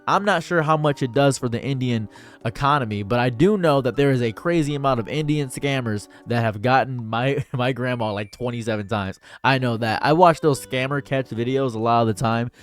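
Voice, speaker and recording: A young man rants through his commentary in a sarcastic, worked-up tone, his voice sitting at an ordinary middle pitch. Faint music plays softly underneath him. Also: a little fast. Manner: sarcastic, exasperated ranting. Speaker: commentary streamer. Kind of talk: ranting commentary.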